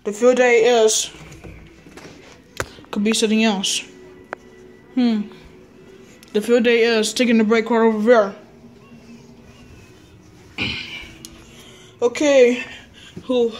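Woman, fairly high voice, unhurried and halting, playing teacher with toys. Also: level tone, a little mellow, faint music behind. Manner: halting, repeats words and restarts often. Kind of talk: toy role-play as a teacher.

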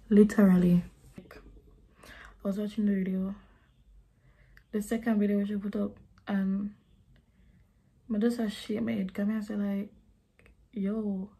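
A woman's voice: mid-range voice, mellow, husky. A young woman chatting bluntly while doing her makeup, slipping into patois now and then. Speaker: beauty vlogger.

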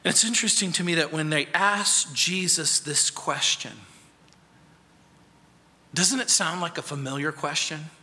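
A male pastor preaching a sermon, moving between quiet intimate tones and sharp lively questions. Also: on the high side, measured pace, long pauses. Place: church sanctuary. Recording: church hall with long reverb.

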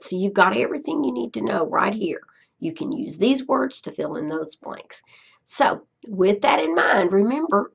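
A woman's voice: mid-range voice, creaky, slightly rough, highs cut off. A woman teaching Spanish in a screencast tutorial, explaining step by step, repeating herself and checking in with "okay?".

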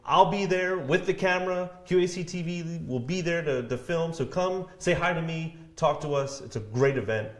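Slightly high-voiced and moderately paced, he rarely pauses while co-hosting a local live TV show. He's playful and animated, teasing his co-hosts casually in a room with noticeable echo.

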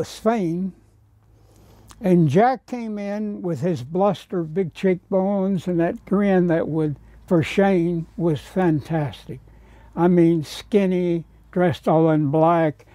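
Gravelly, deliberate American storyteller man. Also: sits high, warm tone, no room sound. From United States. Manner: acts out other people's lines, drops to whispers. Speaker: painter telling stories. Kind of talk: anecdotal storytelling.

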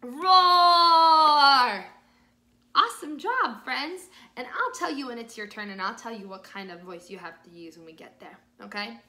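A woman music teacher reading a picture book aloud to young children, slow and exaggerated, with encouraging praise, sung bits and shifts between whispers and loud parts. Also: mid-range voice, lively intonation, roomy sound. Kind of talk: children's storytime read-aloud and music lesson.

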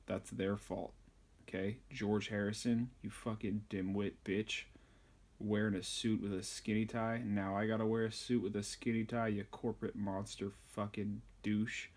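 A man's voice: on the low side, level tone, moderate pace, a little mellow. A man giving a crude, insulting, rambling comedic tutorial on sewing a button. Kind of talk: profane comedic tutorial rant.

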